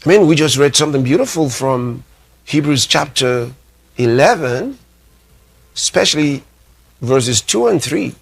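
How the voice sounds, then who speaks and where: A man preaching a sermon, emphatic, repeating his phrases and reading scripture slowly. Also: fairly high pitch, lively intonation, vocal fry, husky. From Nigeria. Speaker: pastor.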